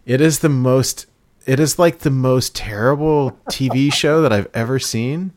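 A man casually telling a long story on a podcast, excited and laughing as he goes, often acting out quotes. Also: mid-range voice, a little slow, dry recording. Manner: animated storytelling, laughs, mimics people in quotes. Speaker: podcast host.

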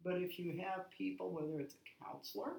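Woman, 60s, gravelly low voice, animated storyteller, roomy recording. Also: fairly quick. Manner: lively storyteller, laughs often. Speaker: guest. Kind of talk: casual conversation.

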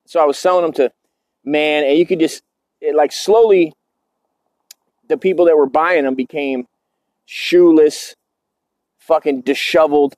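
A man in his forties tells stories casually on his podcast. His voice sits a little high and is recorded close and dry. His talk is profane and rambling, full of "dude" and "man". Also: fairly even intonation, measured pace, long pauses, a little mellow, no echo. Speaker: podcast host. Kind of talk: casual storytelling.

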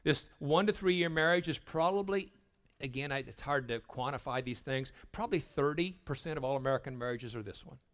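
An older man preaches at a retreat in a voice of ordinary pitch. He tells stories in a sermon style, repeating words as he gets going. He drops to a soft hush in tender moments. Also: brisk, few pauses. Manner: storytelling, dropping to a hushed voice for tender moments; repeats words when starting a thought. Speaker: retreat speaker.

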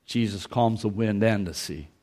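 A man's voice: lowish voice, moderate pace, warm tone. A man preaching a sermon in a church, folksy in manner, who repeats his phrases and acts out the scripture quotes. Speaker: pastor.

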